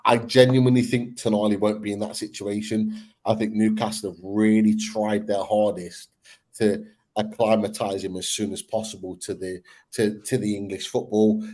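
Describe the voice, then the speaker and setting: A man's voice: fairly low pitch, a little mellow. A man hosting a casual football chat. He talks in an upbeat, rambling way and often restarts his sentences. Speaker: podcast host.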